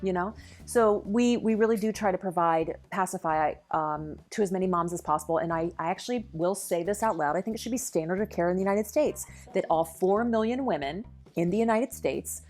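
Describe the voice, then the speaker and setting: A woman's voice: on the low side, brisk, darkish tone, faint music behind. A middle-aged woman, a lactation consultant and dietitian, speaking earnestly and eagerly as a podcast guest. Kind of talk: podcast interview.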